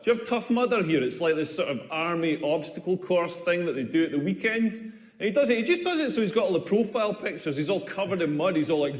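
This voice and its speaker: A man's voice: sits high, very animated, fast. A Scottish man doing a stand-up comedy set, ranting with sardonic exasperation and mocking the people he quotes. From Scotland. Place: comedy club stage. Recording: echoey club room with long reverb.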